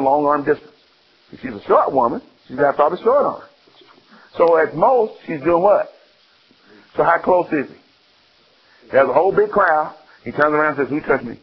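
Gravelly male preacher on muffled radio. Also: fairly high pitch. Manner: animated storytelling, acting out scenes and asking the audience questions. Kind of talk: sermon.

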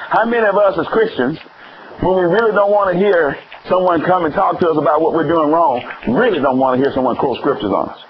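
A man preaching a sermon, asking the congregation questions and swinging between high exclamations and low emphatic words. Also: fairly quick, crowd noise. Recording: dull lo-fi recording with faint noise.

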